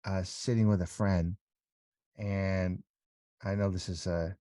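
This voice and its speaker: Low, dark-voiced man telling his story. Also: no echo. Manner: halting, many restarts, animated when recounting. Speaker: interview guest. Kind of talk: candid conversational storytelling.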